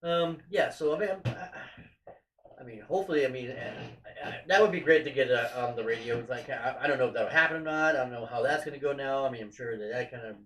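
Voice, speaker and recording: A man co-hosting a podcast, talking excitably, repeating himself and trailing off mid-thought. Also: medium pitch, quick pace, a little hiss or hum. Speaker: podcast co-host. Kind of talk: casual chat. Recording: echoey room, mic far off.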